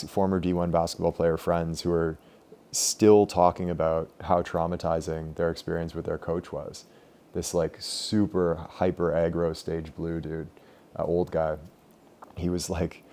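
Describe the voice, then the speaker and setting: Low, mellow young man teaching meditation. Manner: relaxed, loose, many "like" fillers. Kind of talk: casual group teaching.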